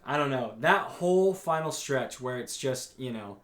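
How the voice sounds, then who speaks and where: A young man co-hosting a podcast, chatting casually and recapping scenes with animated, profane reactions. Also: mid-range voice, unhurried, hardly any pauses, reverberant. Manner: animated recapping, reads out scene quotes, swears freely. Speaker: podcast co-host. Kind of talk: casual chat.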